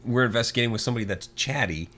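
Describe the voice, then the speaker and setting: A man's voice: medium pitch, rapid-fire, bright, forceful tone. A man hosting an interview, asking short questions and giving brief acknowledgments in an easygoing way. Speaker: host. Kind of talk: casual interview chat.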